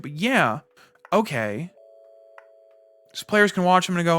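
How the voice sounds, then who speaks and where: Casting: ranting male gaming YouTuber, somewhat high voice, faint music underneath. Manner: ranting, animated, with quick mock dialogue. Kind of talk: casual gaming commentary.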